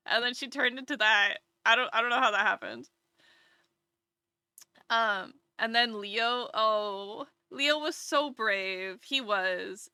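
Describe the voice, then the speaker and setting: A woman's voice: medium pitch, pushed and bright, clear, resonant tone, no echo, studio quality. A woman streamer chatting casually on a live stream at home, rambling and chatty, with many restarts.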